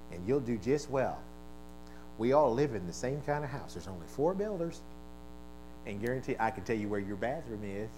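A male pastor preaching a sermon, leading call-and-response and swinging from quiet asides to shouted exclamations, originally from the American East Coast. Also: medium pitch, noisy background.

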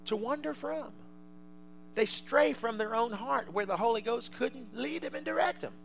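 A male preacher delivering a fervent sermon to a congregation, swinging from quiet asides to loud shouts. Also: very high voice, moderate pace, creaky, a little hiss or hum, rough recording.

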